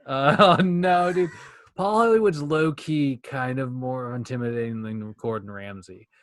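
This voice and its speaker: A young man co-hosting a podcast in casual chat, talking fast and rambling, with plenty of swearing. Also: medium pitch, dry recording, clean studio sound. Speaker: podcast co-host.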